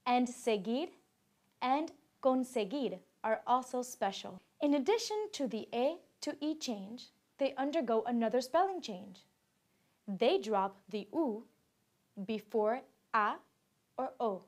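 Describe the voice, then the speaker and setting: Slow, careful woman narrating a course. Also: a little high. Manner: slow, careful, even delivery with bilingual examples. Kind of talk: scripted textbook narration.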